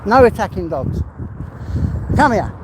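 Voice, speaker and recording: On a busy city street with traffic audible, a man with an East London accent walks his dog and chats live for viewers. His high voice swings widely in pitch and he's in no rush, rambling along with mild swearing.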